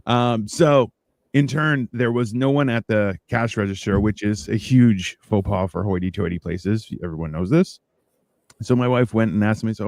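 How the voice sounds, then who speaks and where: Un uomo che conduce un podcast di chiacchiere informali, racconta storie animate e imita i dialoghi con voce più acuta. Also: male voice, normal speed, gravelly, dry recording. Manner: animated storyteller, acts out exchanges in a higher voice. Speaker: podcast host. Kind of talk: casual chat.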